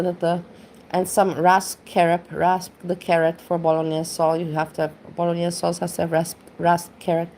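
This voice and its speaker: A woman's voice: on the low side, mellow, a little hiss or hum. A woman rants bluntly and casually, swearing freely and rambling as she goes. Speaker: commentary streamer. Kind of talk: casual rant.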